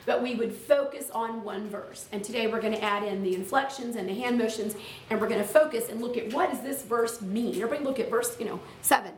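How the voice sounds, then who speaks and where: A woman teacher leading a workshop for other teachers, lively and chatty with teacherly asides, speaking live to a room of listeners. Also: fairly high pitch, quick pace, a little hiss or hum. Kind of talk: live classroom-style workshop talk. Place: room with audience. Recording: echoey room, far from the mic.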